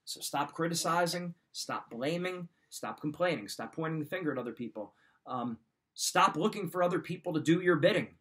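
A man's voice: fairly high pitch, lively intonation, normal speed, a bit bright. Man coaching in a direct, repetitive way. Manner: direct, coaching, repeats key points. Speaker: podcast host giving life advice. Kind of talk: motivational talk.

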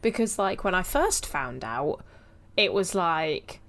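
A young woman co-hosting a casual podcast chat, chatty and quick to laugh. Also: on the low side, big pitch swings, fairly bright tone. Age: young adult. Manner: giggly, chatty. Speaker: podcast co-host. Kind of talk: casual chat about a TV show.

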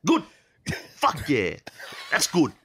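Rowdy caller, lively pitch. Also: male voice, slow, slightly rough. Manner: loud, rowdy greeting, laughs through it. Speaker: listener sending in a voice message.

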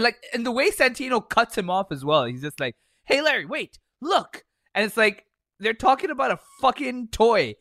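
A man's voice: high-pitched, bright, forceful tone, dry recording, studio quality. A man co-hosting a podcast, casually reviewing a film with a lot of swearing and laughter, acting out scenes as he goes. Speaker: podcast co-host. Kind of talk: casual movie review chat.

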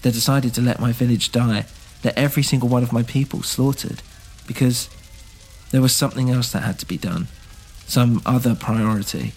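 A man doing a gravelly, earnest young outsider. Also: medium pitch, steady tone, moderate pace, darkish tone, close to an everyday voice. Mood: pleading. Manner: earnest, pleading, rising to defiance. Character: impassioned young man, orphaned village outsider. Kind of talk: scripted audio drama reading.

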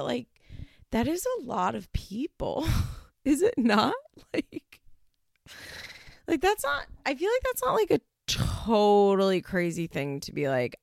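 A woman's voice: a little high, vocal fry, dry recording, studio quality. A young woman casually recapping a reality show, chatty and laughing often, with some swearing. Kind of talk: casual chat.

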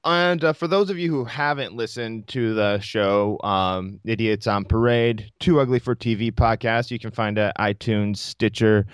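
Podcast host, male, smooth voice, chatty jokey delivery, dry close mic. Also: on the low side, steady tone, moderate pace, hardly any pauses, no echo. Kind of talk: casual podcast interview.

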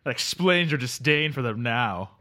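A man's voice: medium pitch, lively intonation, moderate pace, bright, forceful tone. A man co-hosting a casual podcast who keeps teasing and joking with his co-host. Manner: teasing, jokey.

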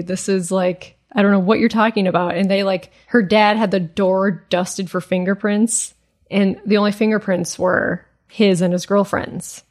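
A woman's voice: mid-range voice, fairly even intonation, moderate pace, a little mellow. A woman co-hosting a podcast, telling a strange story in casual chat, full of "like" fillers. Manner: chatty, many "like" fillers. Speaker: podcast co-host.

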